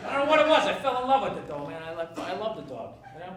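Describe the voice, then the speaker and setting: A man doing a stand-up comedy set, ranting and profane, swinging from low grumbles to shouted outrage. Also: big pitch swings, racing. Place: comedy club stage with audience laughter. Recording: echoey live stage recording from a distance, loud noise.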